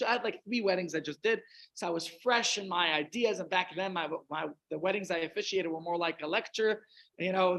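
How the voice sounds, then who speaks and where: This Russian-accented rabbi spins a lengthy, funny anecdote in a chatty style full of self-interruptions. He has a high voice with a fairly bright tone, caught on a low-quality recording.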